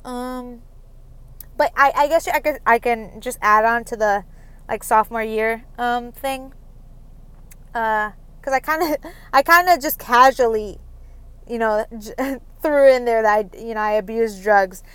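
A woman's voice: fairly high pitch, measured pace, a bit bright, clean tone, dry recording. A young woman hosting a solo podcast, rambling through personal stories with many ums and nervous little laughs. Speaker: podcast host. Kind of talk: casual solo podcast confession.

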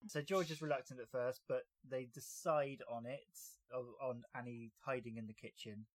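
A man hosts a casual fan podcast and walks through scenes with dry humour. His voice sits at a middle pitch. The recording is dry and close-miked. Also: steady tone, normal speed, no echo. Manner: recaps scenes with dry jokes. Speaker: podcast host.

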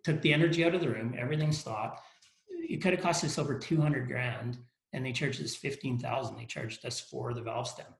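A company leader guesting on a podcast tells stories frankly in a casual interview, often repeating and restarting his words. His mid-range voice is gravelly and a little fast, with a roomy echo around it.

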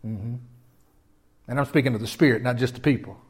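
A man preaching a sermon in a folksy, animated way, often asking his listeners questions. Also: mid-range voice, fairly quick, husky. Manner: folksy and animated, with repeated restarts and audience questions. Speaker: pastor.

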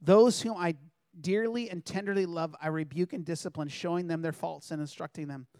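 A man's voice: a little high, brisk, darkish tone, dry recording, studio quality. A man preaching a sermon in an earnest, conversational way, reading scripture aloud and addressing the congregation directly.

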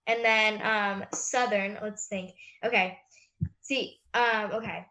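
An American woman with a bright, crisp voice at a mid pitch. She chats casually and often stalls on fillers while she looks for her words. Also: fairly even intonation, slow pace. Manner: chatty, hesitant with many fillers. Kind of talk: casual interview chat.

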